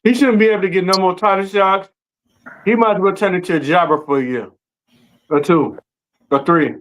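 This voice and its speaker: Emphatic man, halting and repetitive. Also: high voice, rough recording. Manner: emphatic, repeats himself, halting fillers. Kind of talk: casual chat.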